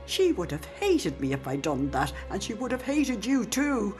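A woman's voice: mid-range voice, moderate pace, faint music behind, natural voice. An older woman with an Irish accent narrating and playing a devoted, outspoken old nanny in a radio drama. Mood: defiant. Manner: storytelling narration with lively, emphatic speech. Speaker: narrator and character.

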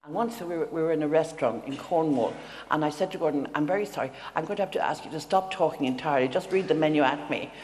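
A woman's voice: low voice, quick pace, a little mellow. A woman telling a chuckling, self-mocking story to an audience. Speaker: guest author. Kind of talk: anecdote told to a live audience. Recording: echoey hall with audience and hiss.

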